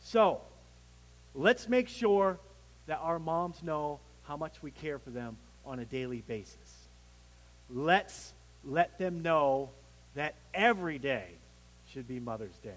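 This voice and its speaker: A man delivers a sermon as pastor with a lively, somewhat high voice that swells and falls. His delivery has emphatic peaks, and it carries a long church-hall reverb over a faint hum. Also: slow. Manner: preaching with emphatic swells and drops, some restarts.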